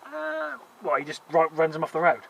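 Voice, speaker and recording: A man in casual chat, quick and agreeable, often affirming. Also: a little high, big pitch swings, creaky, sharp tone, poor audio. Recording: faint background noise.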